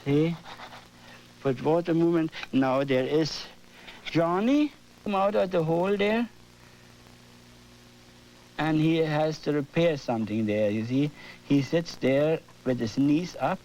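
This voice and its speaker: Older German-accented painter, slow and lively. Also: male voice, fairly high pitch, highs cut off. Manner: animated, repeats "you see?" often. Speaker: painting show host. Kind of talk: painting demonstration. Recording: worn 1980s videotape audio with hum.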